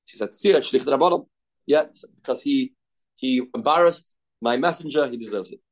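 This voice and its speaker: Man teaching a lively Talmud lesson. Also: medium pitch, normal speed, rough recording. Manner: animated, voices the rabbis' dialogue, mixes Aramaic terms into English. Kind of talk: daf yomi lesson, retelling a Talmud story.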